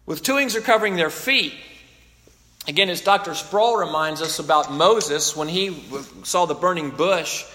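A man's voice: a little high, moderate pace, sharp tone. A man preaching a sermon in an earnest, emphatic way, often restarting his sentences, in a church. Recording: long reverb of a large hall.

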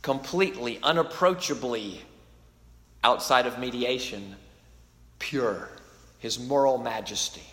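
A man's voice: mid-range voice, measured pace, long pauses, a bit bright. A man preaching a sermon in an earnest, emphatic way, often restarting his sentences, in a church. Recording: long reverb of a large hall.

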